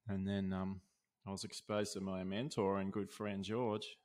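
A man telling stories in a relaxed, casual way as an interview guest. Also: low voice, measured pace. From Australia. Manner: laid-back, lots of "dude" and "like", laughs while telling. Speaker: guest, osteopath. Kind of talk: casual storytelling.

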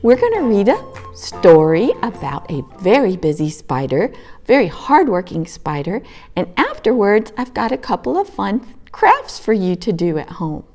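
A woman hosting a library storytime, reading a picture book aloud to young children in a gentle, sing-song way. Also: medium pitch, wildly swooping pitch, normal speed, faint music behind.

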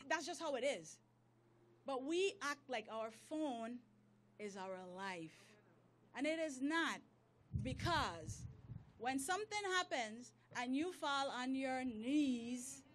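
A woman giving a motivational church talk, telling a personal story with animated delivery, acting out her prayers as dialogue and speaking in informal, loose grammar. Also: high-pitched. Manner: informal grammar, drops verb endings.

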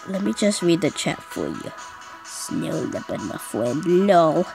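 A woman's voice: sits low, big pitch swings, unhurried, vocal fry, over music. A female gamer giving casual, chatty commentary on her gameplay, teasing the game and her friend as she plays.

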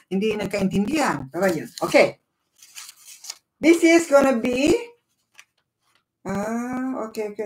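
A woman's voice: medium pitch, a bit bright, rough recording. A woman from the Philippines with a Filipino accent, hosting a casual live stream, chatty and switching between Tagalog and English while greeting viewers by name. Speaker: livestream host.

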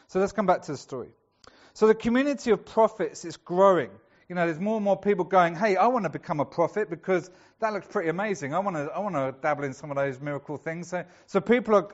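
A man's voice: on the high side, highs cut off. A male pastor preaching a sermon in a chatty storytelling way, acting out the voices of the people in the story.

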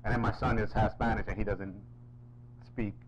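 A man's voice: on the low side, fairly even intonation, normal speed, background noise. Joking male interview host. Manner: joking, laughs often. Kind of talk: casual interview.

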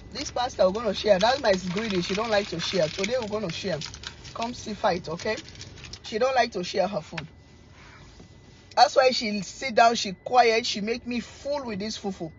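A middle-aged woman, chatting casually to camera as a cooking vlogger, telling stories in a teasing, animated way and laughing often. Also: fairly high pitch, moderate pace, muffled recording, slight background noise.

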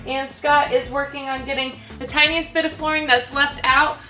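A woman's voice: sits high, steady tone, moderate pace, bright, forceful tone, faint music behind, low-quality recording. Bubbly giggly woman vlogger. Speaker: vlog host. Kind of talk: casual vlog chat. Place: converted school bus and workshop.

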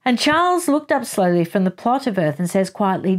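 A woman's voice: mid-range voice, big pitch swings, brisk. A woman hosting a casual book chat, retelling chapters in a chatty way with asides and little laughs. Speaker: book channel host.

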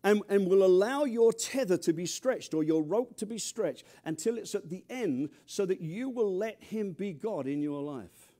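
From near London, an older English-accented pastor delivers an animated, funny sermon at a moderate pace. His voice is high-pitched, and he drops from loud emphasis into quiet asides.

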